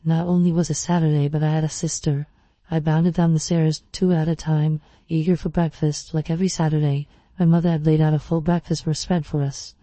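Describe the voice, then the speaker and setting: Horror storyteller with an even, measured read, very dark tone and a monotone delivery. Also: mid-range voice, no echo. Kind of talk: scripted first-person story narration.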